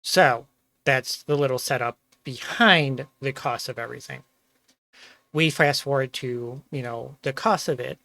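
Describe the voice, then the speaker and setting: A man's voice: mid-range voice, measured pace, vocal fry, bright, forceful tone, no echo. A man hosting a stream, energetically explaining a roleplay story and thanking his chat. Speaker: Twitch streamer host.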